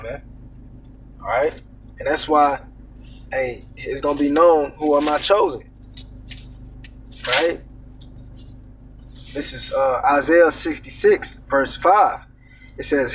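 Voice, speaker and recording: A man's voice: on the high side, unhurried, pauses often, slightly rough, far from the mic. A man teaching scripture in a casual sermon, reading verses aloud and commenting with "man" and "all right?". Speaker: preacher.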